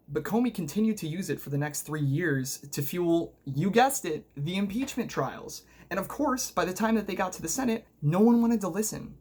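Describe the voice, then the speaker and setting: A man's voice: fairly high pitch, breathy edge. A man narrating a sarcastic political video essay, combative and mocking, full of rhetorical questions. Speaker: political commentary video host.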